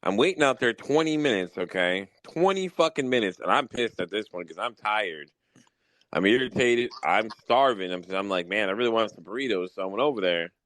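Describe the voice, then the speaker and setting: Low-voiced man swearing through casual stories. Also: animated, a little fast, fairly bright tone, dry recording, rough recording. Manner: profane, storytelling, gets worked up. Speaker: podcast host. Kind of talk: casual podcast chat.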